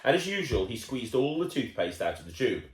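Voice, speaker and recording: Man, storyteller, picture book read-aloud, playful, chatty asides, animated pitch, echoey room. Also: fairly quick. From United Kingdom. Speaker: children's storyteller. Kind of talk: reading a picture book to a child.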